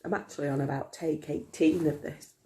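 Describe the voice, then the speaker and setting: A hoarse teacher, chatty and apologetic, coughing now and then, reading a classic novel aloud to pupils online. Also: medium pitch, fairly even intonation, brisk, mellow, a little hiss or hum. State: hoarse, frog in the throat. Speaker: primary school teacher.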